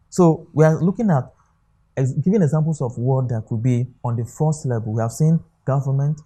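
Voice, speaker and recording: A man's voice: medium pitch, warm tone. A man with a Nigerian English accent teaching an exam-prep lesson, often asking rhetorical questions and checking "okay?". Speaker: English tutor.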